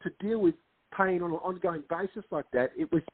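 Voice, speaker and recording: A film director, appearing as a guest in a casual interview, speaks in a high, brisk voice with a breathy edge. He explains things earnestly and acts out quotes while telling stories. There is no room sound, but the line has a tinny, phone-like quality.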